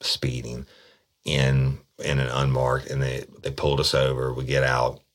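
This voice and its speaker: A man tells a story from his police work, casual and blunt. His voice sits extremely low. He swears freely and stumbles over repeated words as he talks. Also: completely flat delivery, unhurried. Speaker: police detective.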